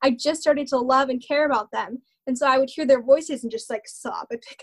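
A woman's voice: high-pitched, fairly even intonation, brisk, few pauses. A woman in her twenties talking openly and earnestly as a guest in a casual conversation. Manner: earnest, open, heavy use of fillers.

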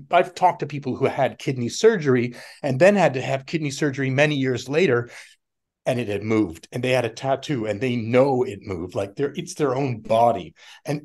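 A middle-aged man talking casually as a podcast guest, rambling and animated, often laughing and acting out other people's voices. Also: mid-range voice. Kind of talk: casual conversation.

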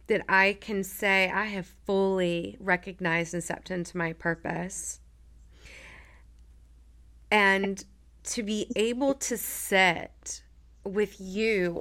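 A woman therapist in her thirties hosting a heartfelt conversation, speaking softly and affirmingly with emphatic moments. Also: fairly low pitch, clear, resonant tone. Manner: soft, warm and affirming, emphatic at times. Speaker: therapist and podcast host.

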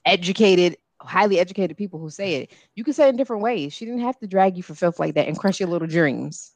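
A woman's voice: lowish voice, lively intonation, quick pace, a little mellow, no room sound. A woman co-hosting a podcast, from a Caribbean family, chatting casually in a blunt, outspoken way with casual swearing. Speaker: podcast co-host. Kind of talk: casual chat.

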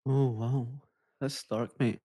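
A man's voice: mid-range voice, steady tone, slow pace, dark tone, dry recording, studio quality. A man hosting a podcast interview, asking eager, friendly questions in a casual way. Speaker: podcast host.

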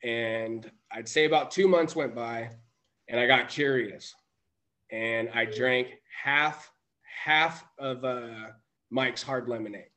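A man's voice: medium pitch, slow, sharp tone. A man telling a personal story as a podcast guest, rambling with many restarts and self-corrections. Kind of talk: casual storytelling.

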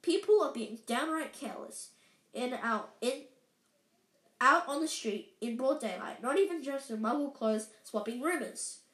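A woman doing a stern older witch, clipped and irritable, higher voice, roomy echo. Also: big pitch swings, normal speed.

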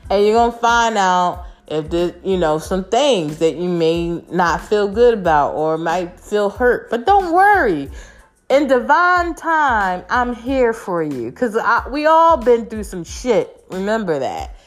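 A woman's voice: medium pitch, animated, unhurried, hardly any pauses. A woman vlogger talking frankly and emphatically to the camera, swearing freely and often asking "you know?". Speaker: vlogger giving dating advice. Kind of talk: casual monologue to camera.

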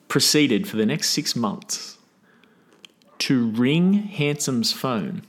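A man's voice: on the low side, fairly bright tone. A man telling a long, crude anecdote in a casual chat, swearing freely and breaking off with laughs and "right?" asides. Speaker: podcast guest. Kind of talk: casual storytelling.

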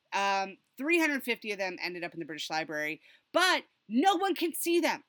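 Woman podcast host, animated storyteller, bright tone, very dry close sound. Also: a little high, dry recording. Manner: animated storyteller, bursts into excited laughter. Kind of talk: casual podcast chat.

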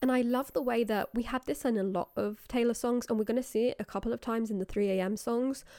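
A woman's voice: on the high side, fast talker, mellow, no echo. Woman, enthusiastic, analytical, casual podcast chat, dry close sound. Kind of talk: casual chat about song lyrics.

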